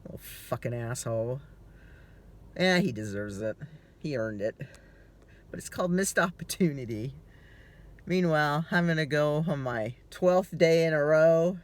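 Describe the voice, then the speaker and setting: A man's voice: fairly high pitch, expressive, unhurried, long pauses. A tired middle-aged man vlogging from his car, rambling through casual stories, swearing freely and laughing easily. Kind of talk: casual chatty storytelling.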